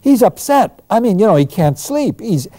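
A man giving a lecture on the New Testament, telling the story with animated emphasis. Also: sits high, moderate pace, dry recording.

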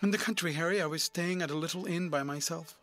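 A man reading the part of an earnest, troubled young gentleman with a pleading delivery. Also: fairly high pitch, fast talker, soft background music, close to an everyday voice.

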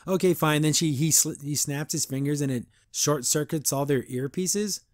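Male podcast host, higher voice, dry close sound, sarcastic ranting recap. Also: moderate pace, no echo. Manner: exasperated, sarcastic, laughs often, mimics characters in mocking voices. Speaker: podcast host reviewing a cartoon episode. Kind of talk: casual recap and rant.

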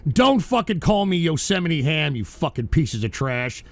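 A man's voice: a little high, big pitch swings, normal speed, no room sound. A man hosting a radio show, ranting angrily and swearing at his audience. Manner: profane, exasperated, ranting. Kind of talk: angry live-stream rant.

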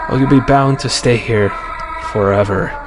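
Trapped ghost spirits voiced by a man, pleading, slow, solemn, mid pitch. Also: close to an everyday voice. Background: game music.

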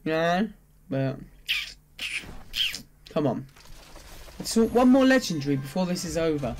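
Opening loot boxes on camera, this gaming creator shifts from gloomy mumbling to begging the game to outright excited yelling. Pitch is medium, pace a little slow, and there's background noise.

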